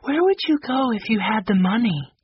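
Violet, a man doing a soft shy young girl. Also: high-pitched, big pitch swings, normal speed, husky, no room sound, pitched above the performer's own voice, full character voice. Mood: polite. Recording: dull lo-fi recording.

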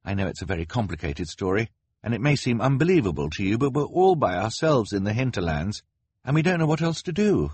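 A man's voice: on the low side, sing-song, a little fast, darkish tone, slightly rough, voice pushed up. A man reading aloud, voicing an anxious teenage girl who is the eldest of three orphans, with a pleading, urgent delivery.

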